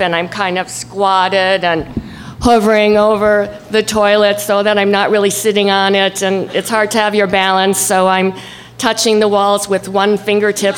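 A woman telling a personal story at a live event, acting out her own shouts and the voices of the people in it. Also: mid-range voice, slight background noise. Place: stage before an audience.

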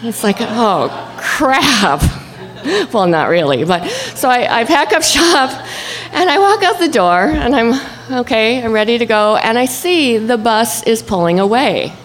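A woman telling a true story live on stage. She is animated and acts out voices and shouts, swinging from low murmurs up to high cries. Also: normal speed. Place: stage before an audience.

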